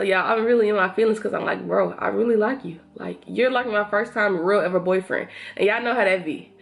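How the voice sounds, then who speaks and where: A young woman sits and tells a storytime to her viewers while she gets ready, her voice a bit high. She talks in a lively, chatty way and acts out the lines of everyone in the story. Soft music plays quietly behind her. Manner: animated, talks to viewers as y'all, acts out quotes. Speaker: beauty vlogger. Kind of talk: storytime chat while doing makeup.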